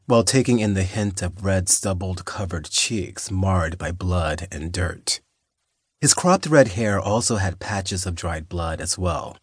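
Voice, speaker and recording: A man narrating an audiobook in a steady, measured storytelling manner. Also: deep voice, breathy edge, no echo, clean studio sound. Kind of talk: scripted narration.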